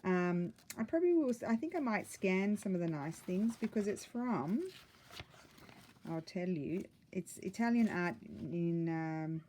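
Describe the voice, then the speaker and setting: A woman with a lowish, mellow voice chats casually as she shows her crafts. She rambles happily, fills gaps with ums and corrects herself midway. She sounds a little out of breath. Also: a little slow, slight background noise. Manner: excited, rambling, many ums and self-corrections. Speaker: craft vlogger. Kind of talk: casual chatty flip-through.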